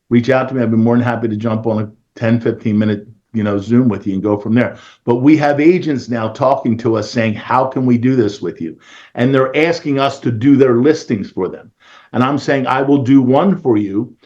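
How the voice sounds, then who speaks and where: A man's voice: medium pitch, mellow, lo-fi sound. A man with a Philadelphia accent, a real estate agent talking energetically and in a salesy way on a casual panel call.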